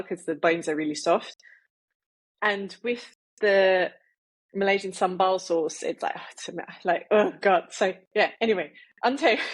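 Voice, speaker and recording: Woman podcast co-host, casual storyteller, giggly, filler-heavy, mid-pitched.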